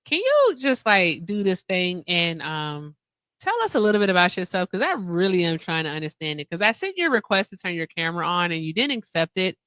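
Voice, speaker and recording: A woman hosting a casual livestream chat, loud and teasing, joking with callers and laughing often. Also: lowish voice, big pitch swings, a little fast, no room sound. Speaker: host.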